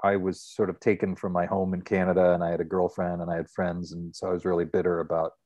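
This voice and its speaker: A middle-aged man, a guest in a casual interview, telling stories in a relaxed, rambling way. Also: sits low, fast talker, dry recording.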